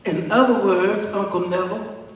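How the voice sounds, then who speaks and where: A man preaching a sermon in an emphatic, repetitive way that rises to shouts. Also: sits high, fairly even intonation, normal speed. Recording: echoey hall, far from the mic.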